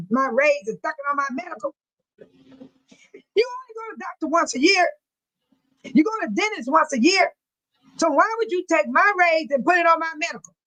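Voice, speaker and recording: A woman's voice: on the high side, a bit bright, rough recording. A middle-aged woman hosting a casual livestream, chatting animatedly with her viewers and reading comments and news aloud. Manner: reads news aloud haltingly.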